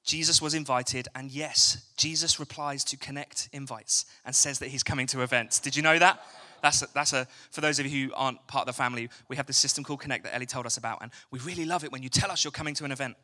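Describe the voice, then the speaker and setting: In a church hall, a young man from England delivers a chatty, jokey evening sermon and questions the congregation. He speaks fast in a mid-range voice that's bright and forceful, with fairly even intonation.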